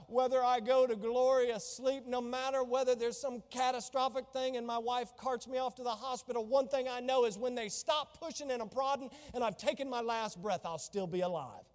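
Man, pastor, very high voice, fervent exclamatory sermon, long church-hall reverb. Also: normal speed, hardly any pauses.

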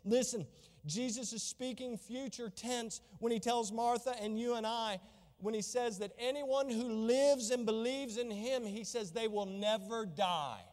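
A man's voice: very high voice, unhurried, a little mellow, long reverb tail. A man preaching a sermon as pastor, fervent and exclamatory, reading and explaining scripture.

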